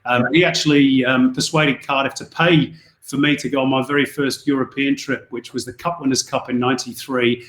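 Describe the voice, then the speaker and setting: An English man, a sports commentator as a podcast guest, telling relaxed stories with many fillers and restarts. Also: medium pitch, brisk, reverberant, a little hiss or hum. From England. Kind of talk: casual podcast interview.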